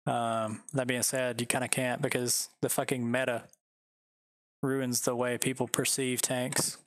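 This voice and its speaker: A man's voice: mid-range voice, little pitch movement, measured pace, dry recording, studio quality. A man chatting casually while streaming a game from home, rambling and laid-back, swearing often.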